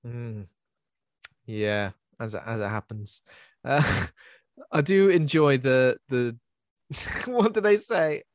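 A man co-hosting a casual film chat, wry and quick to laugh. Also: mid-range voice, animated, dry recording, clean studio sound. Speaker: podcast co-host.

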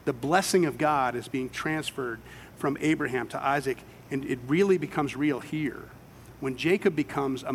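A man's voice: mid-range voice, slight background noise. A man preaching a sermon, retelling scripture stories with dramatic quoted voices. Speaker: pastor. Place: church sanctuary with children present.

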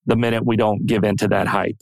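A man co-hosting a podcast, speaking in a thoughtful, measured way. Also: fairly low pitch, little pitch movement, no echo. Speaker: podcast co-host. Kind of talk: casual chat.

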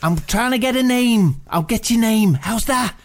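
A man's voice: high voice, expressive, moderate pace. A man playing a crude, boastful fake psychic in improvised comedy, swearing freely. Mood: brash, crude. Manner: swearing, brash, mock-mystical. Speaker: comic psychic character.

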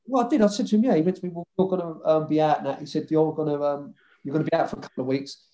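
A former footballer tells rambling stories from his playing days. He swears freely and keeps his tone loose and chatty. His voice sits a little high for a man. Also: rapid-fire, warm tone. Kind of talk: casual storytelling interview.

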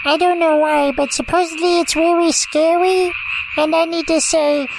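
A woman's voice: extremely high pitch, steady tone, normal speed, vocal fry, background noise. A woman voicing an eager, childlike male forest creature who tells stories in a rambling, hesitant way full of ums. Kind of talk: comedic audio drama.

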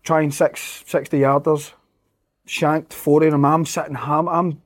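A man's voice: a little high, level tone, a little slow. A Scottish man, a footballer guest, telling stories in casual chat, swearing freely and laughing as he goes.

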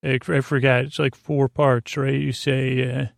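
A man hosting a sleep podcast, recapping an episode in a rambling, halting way with many filler sounds. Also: vocal fry, no echo, studio quality. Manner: low-key, flat and meandering. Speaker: podcast host.

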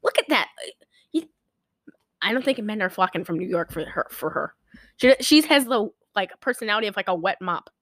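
A woman's voice: mid-range voice, fairly quick, no room sound, clean studio sound. A woman in casual chat, animatedly retelling a movie plot and slipping into the characters' lines. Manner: chatty, animated retelling with quoted character voices.

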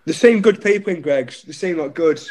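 A man's voice: fairly high pitch, expressive, a little fast, darkish tone. An English man, a guest comedian, telling easygoing stories in casual chat and laughing along as he goes. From England. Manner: easygoing storyteller, laughs mid-story.

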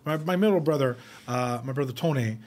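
A man's voice: medium pitch, a little mellow. A man on a podcast telling rowdy family stories in casual chat, swearing and laughing as he goes. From Montreal. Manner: fast, profane, laughing while telling stories. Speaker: podcast co-host. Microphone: podcast studio mic.

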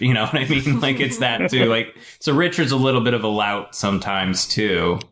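A man's voice: medium pitch, moderate pace, hardly any pauses, fairly bright tone, echoey room. A man chatting casually as a podcast co-host, playful, stammering at starts and acting out quoted lines. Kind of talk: casual chat.

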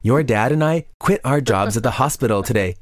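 A man's voice: mid-range voice, expressive, brisk, no room sound, clean studio sound, close to an everyday voice. A man reading a worried mother. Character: worried middle-aged mother.

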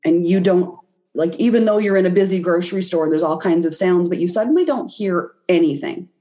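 Speaking a little fast in a warm, fairly low voice, a woman who works as an intuitive reader tells a personal story as an interview guest. She acts out her own reactions as the story unfolds.

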